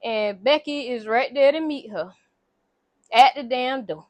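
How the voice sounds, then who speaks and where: Woman vlogger, high voice, casual slangy recap with acted-out quotes, dry close sound. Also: unhurried, no room sound. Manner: animated, slangy, acts out characters' lines.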